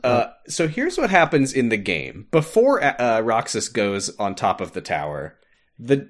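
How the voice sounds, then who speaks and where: A young man co-hosting a podcast, casually recapping a game's story with animated retelling and frequent laughter. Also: medium pitch. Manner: animated storytelling, laughs often, acts out lines. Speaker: podcast co-host. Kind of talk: casual chat recapping a game.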